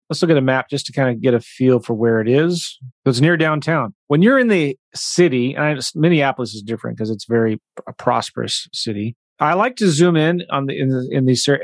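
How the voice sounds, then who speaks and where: Energetic man coaching a webinar. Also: medium pitch, dry recording. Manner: energetic, conversational, emphatic. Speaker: real estate investing coach. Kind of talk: live online coaching webinar with screen share.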